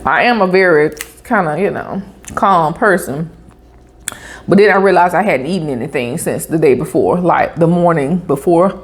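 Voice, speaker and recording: A woman vlogger, telling a story in a chatty, animated way with asides like "honey" and "baby" while she eats. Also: sits low, normal speed, slight background noise. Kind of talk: casual storytelling while eating.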